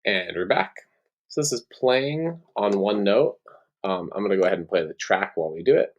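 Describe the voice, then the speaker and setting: A man's voice: fairly low pitch, lively intonation, moderate pace, highs cut off. A man teaching a music lesson on rhythm, counting beats aloud and giving "ready, go" cues to his students.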